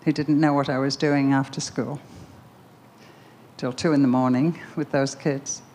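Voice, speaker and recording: An older woman speaking at a Christian gathering with a low voice. She tells her story animatedly, posing questions and stressing words. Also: fairly even intonation, unhurried, dark tone. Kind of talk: personal storytelling talk.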